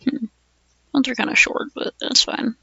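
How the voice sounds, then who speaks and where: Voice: normal speed, pushed and bright, dry recording, muffled recording. A streamer chatting casually and reading aloud, musing with lots of fillers and hums.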